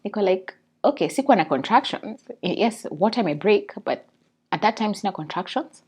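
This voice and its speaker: Kenyan woman vlogger, lively storyteller, mid-range voice, code-switching chat. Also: medium pitch, brisk, slightly rough. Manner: animated, mixes English and Swahili. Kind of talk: casual storytelling.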